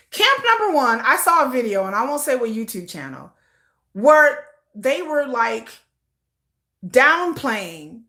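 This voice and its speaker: A woman's voice: on the high side, fairly bright tone. A middle-aged woman hosting a livestream, talking in a heartfelt, repetitive way, close to tears and rising into frustration. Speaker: livestream host. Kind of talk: emotional casual commentary.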